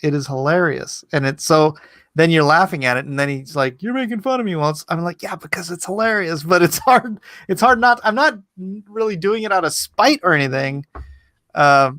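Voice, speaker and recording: A man on a stream as a guest, chatting casually and getting animated when something amuses him. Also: fairly high pitch, normal speed, no room sound, studio quality. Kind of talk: casual chat.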